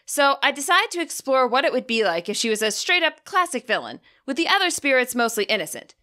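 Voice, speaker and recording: Bright-voiced woman reading fan fiction. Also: high-pitched, very animated, brisk. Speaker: podfic reader and channel host. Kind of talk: reading her own fan fiction aloud.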